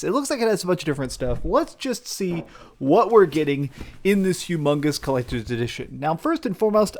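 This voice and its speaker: A man's voice: on the high side, a little hiss or hum. Enthusiastic young man reviewing games. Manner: enthusiastic, gushing, animated. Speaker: game reviewer and channel host. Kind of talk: excited casual review and unboxing vlog.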